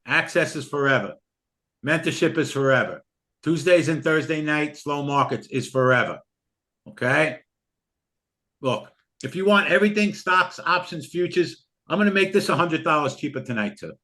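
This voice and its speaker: An older man hosting a live online trading class who pitches the course in a pushy, heartfelt, repetitive way over a video call. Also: lively intonation, moderate pace, bright, forceful tone.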